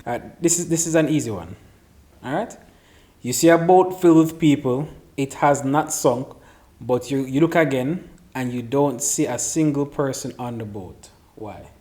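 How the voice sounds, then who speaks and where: A man's voice: mid-range voice, moderate pace, warm tone. A man hosting a casual chat show, reading riddles aloud and teasing his friends. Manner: teasing, laughs often.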